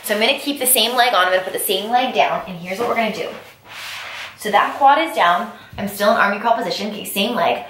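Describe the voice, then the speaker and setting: A woman's voice: medium pitch, quick pace, a bit bright, slight background noise. Echoey, distant woman coaching foam rolling. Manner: upbeat coaching, addresses viewers as you guys. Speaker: fitness instructor. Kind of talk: instructional workout video. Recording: very echoey room, mic far off.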